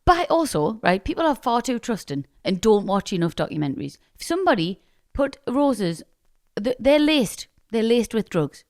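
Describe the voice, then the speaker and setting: A woman's voice: fairly high pitch, very animated, normal speed, no echo, studio quality. A British woman co-hosting a podcast, chatting and reading listener emails in a chatty, dramatic way. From Britain. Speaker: podcast co-host.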